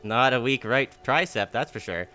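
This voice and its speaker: Man, streamer, casual chat, jokey, bright voice, middle pitch. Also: normal speed, faint music behind. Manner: jokey, laughs easily, wry. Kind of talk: casual live-stream chat, reading game text aloud.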